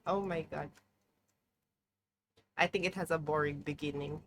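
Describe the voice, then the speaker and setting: A woman's voice: sits low, steady tone, moderate pace, slight background noise. A young woman chatting casually on a live stream, playful and mock-dramatic, swearing freely, from a room at home with a heater running. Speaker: livestreamer.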